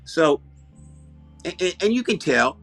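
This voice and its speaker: A man with an Alabama Southern accent, hosting a comedy show and rambling deadpan through comic banter. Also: on the high side, measured pace, soft background music. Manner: rambling, deadpan, self-interrupting.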